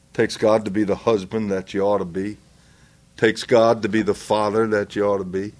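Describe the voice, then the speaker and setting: A man preaching a sermon, deliberate and earnest, building to impassioned pleading. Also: lowish voice.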